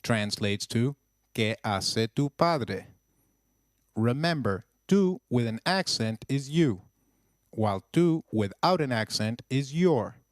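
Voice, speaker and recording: A man narrating a scripted language lesson in an even teaching voice, slowing down to model phrases. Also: medium pitch, no room sound, studio quality.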